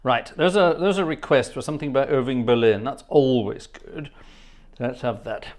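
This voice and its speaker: At a moderate pace, a man with a medium-pitched, darkish voice hosts an easygoing livestream in his home studio. This organist and host keeps up a rambling chat, laughing often and thanking viewers individually by name.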